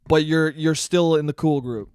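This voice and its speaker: A man's voice: on the high side, fairly even intonation, moderate pace, darkish tone, clear, resonant tone, dry recording, clean studio sound. A young man ranting casually and profanely on his own podcast, rambling and joking. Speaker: podcast host. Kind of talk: solo casual podcast rant.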